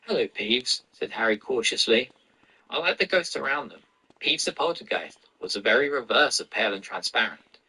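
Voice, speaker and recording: A man reading a novel aloud in a steady, even storytelling voice while playing a video game. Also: medium pitch, a little fast, husky, rough recording. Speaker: reader and gamer. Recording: game noise and sirens behind. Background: traffic and police sirens from a video game.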